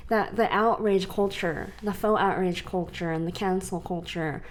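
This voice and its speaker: A young adult woman from the US West Coast, co-hosting a podcast in casual chat, animated and laughing between points. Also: lowish voice, moderate pace. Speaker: podcast co-host.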